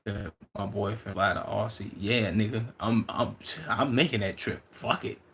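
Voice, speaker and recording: A young man from Chicago, a livestreamer reading out and answering chat in loose, profane, excitable banter. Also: fairly low pitch, moderate pace, slight background noise.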